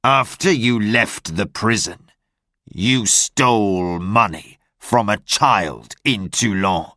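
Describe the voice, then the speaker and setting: A man's voice: lowish voice, slow, bright, forceful tone, no room sound, clean studio sound. A man doing a cold, stern police inspector. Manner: cold, commanding.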